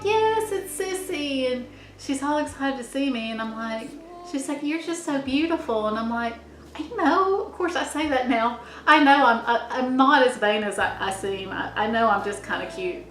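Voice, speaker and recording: With a fairly high, slightly bright voice, a middle-aged vlogger rambles reflectively, wandering between thoughts, restarting and letting sentences trail off. Some hiss or hum and an echoey room are audible.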